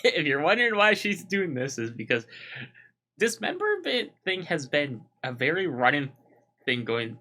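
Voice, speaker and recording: A man's voice: fairly high pitch, huge pitch swings, moderate pace, sharp tone. A man co-hosting a podcast, joking and reacting in casual banter. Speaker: podcast co-host.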